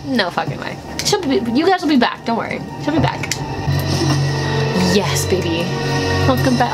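Excitable high-voiced woman gushing. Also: takes it slowly, pauses often, over music. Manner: gushing, excitable, swings into squeals. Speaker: reaction video host. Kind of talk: casual reaction commentary.

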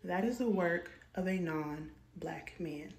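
A woman vlogger giving sassy, animated reaction commentary. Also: on the low side, slow, echoey room. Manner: animated, sassy, mimics voices.

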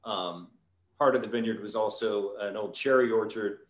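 A man, a winemaker, telling a long story in a relaxed, rambling way on a live stream, with many fillers. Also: on the low side, moderate pace, reverberant.

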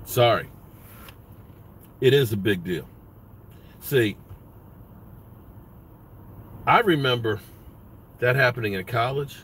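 A man's voice: medium pitch, slow, long pauses, a bit bright, slight background noise. A man hosting a sports vlog, ranting bluntly with lots of profanity. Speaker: sports vlogger.

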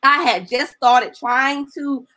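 High bright-voiced woman giving a testimony. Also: slow pace. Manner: earnest and emotional, with a colloquial storytelling delivery. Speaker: evangelist giving a testimony as guest. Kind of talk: personal testimony in conversation.

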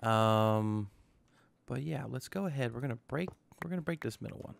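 Gravelly young man chatting through gameplay. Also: mid-range voice, expressive, normal speed, a little hiss or hum. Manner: chatty, self-talking, joking asides. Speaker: gaming channel host. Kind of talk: casual gameplay commentary.

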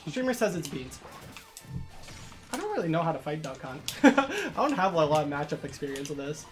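A man's voice: on the high side, sing-song, normal speed. A young man playing a game with a friend on stream, laughing often in easygoing banter. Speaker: co-player on stream. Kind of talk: casual gaming stream chat. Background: game music.

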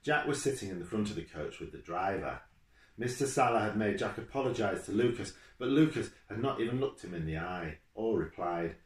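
A man reads his own children's book aloud, steady and measured, in a deep, low voice. He's in a room at home with his dog beside him. The home video camera captures the echo of the room.

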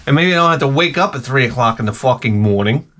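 A man's voice: mid-range voice, lively intonation, fast talker, fairly bright tone. Sarcastic New York man ranting. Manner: exasperated and sarcastic, heavy swearing. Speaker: retro game channel host. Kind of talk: profane comic rant.

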